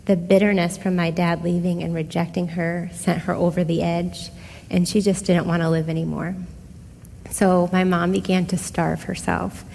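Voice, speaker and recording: A woman's voice: lowish voice, normal speed, gravelly, slight background noise. Middle-aged woman telling her story, hall echo. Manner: conversational, expressive, addresses listeners directly. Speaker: speaker giving a personal testimony. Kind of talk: casual storytelling testimony. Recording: long hall reverb.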